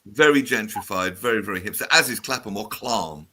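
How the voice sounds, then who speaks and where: A man in his fifties from the south of England hosting a radio show, chatting in an animated way and reading out listener messages. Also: on the low side, fast talker. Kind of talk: casual radio chat.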